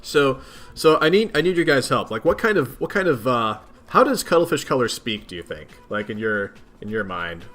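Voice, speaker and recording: A man's voice: medium pitch, very animated, normal speed, fairly bright tone. A man reading a webcomic aloud, chatting playfully with viewers between lines. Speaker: webcomic reader.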